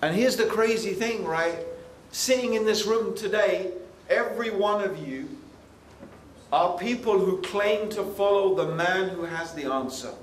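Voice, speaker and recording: High-voiced male preacher, animated and chatty; echoey hall. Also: a little slow. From United Kingdom. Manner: animated, conversational, frequent asides. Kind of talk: lively youth sermon. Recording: echoey hall, faint ambient noise.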